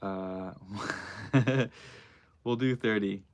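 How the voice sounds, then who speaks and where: Male streamer with a fairly low voice, laid-back slangy chatter, thinking out loud to chat. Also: extremely slow, muffled recording. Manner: loose and slangy, musing aloud. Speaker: livestream host. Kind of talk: casual livestream chat.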